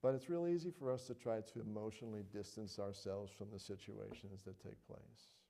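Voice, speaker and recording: Middle-aged male pastor, warm low-key tone, earnest sermon full of check-ins. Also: fairly even intonation, a little fast, vocal fry, a little hiss or hum. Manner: earnest, conversational, frequent "all right?" and "you know".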